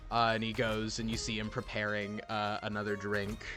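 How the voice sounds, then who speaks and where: A man's voice: lowish voice, completely flat delivery, normal speed, bright, forceful tone, soft background music. A man narrating as game master for a tabletop game, rambling with many fillers and restarts.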